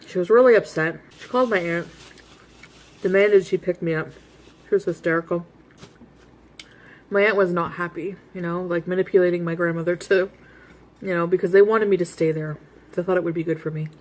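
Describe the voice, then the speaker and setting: A woman vlogger telling personal stories in a candid, confessional way, mostly low-key and quiet. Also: steady tone, normal speed, pauses often. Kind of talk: casual storytelling to camera.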